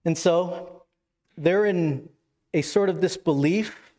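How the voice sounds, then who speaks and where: A pastor preaching a sermon, animated and casual, rising with excitement as he retells scripture scenes. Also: takes it slowly. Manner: animated, rises in pitch when retelling scenes.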